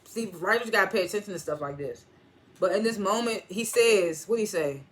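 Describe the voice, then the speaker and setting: A man casually recapping and reviewing a TV episode, rambling and animated, with frequent swearing and laughter. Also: high-pitched, a little fast.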